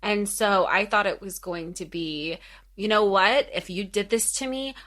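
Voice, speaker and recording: A woman's voice: mid-range voice, unhurried, a bit bright. A woman co-hosting a podcast, chatting animatedly about a movie. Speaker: podcast co-host. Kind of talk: casual film discussion.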